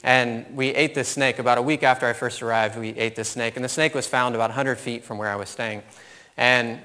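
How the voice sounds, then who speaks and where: A man in his thirties speaks to a conference audience with a bright, forceful voice. He tells a personal story in an animated, informal way and laughs at his own story. His voice rings with long reverb from a large hall. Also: medium pitch, brisk, clear, resonant tone. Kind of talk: storytelling keynote talk.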